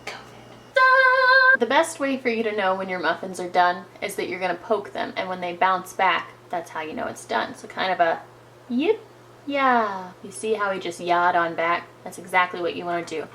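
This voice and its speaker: A woman's voice: lowish voice, moderate pace, a bit bright, reverberant, slight background noise, low-quality recording. A young woman hosting a casual home cooking video, playful and jokey with chatty asides as she bakes in her kitchen.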